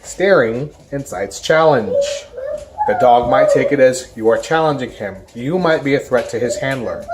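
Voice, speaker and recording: A woman's voice: extremely low pitch, very noisy. A woman who handles a service dog, talking to camera in an informal, emphatic way and hammering home her main points. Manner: emphatic, repeats key points; lively mimicry of careless strangers. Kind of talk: informal educational talk to camera. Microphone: camera in front of her.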